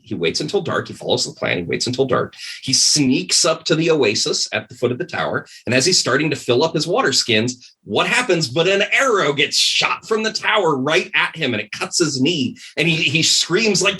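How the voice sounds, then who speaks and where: A man's voice: mid-range voice, animated, normal speed, hardly any pauses, sharp tone, breathy edge. A man, a podcast guest, telling a story in a casual, rambling way with many fillers. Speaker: podcast guest, game designer.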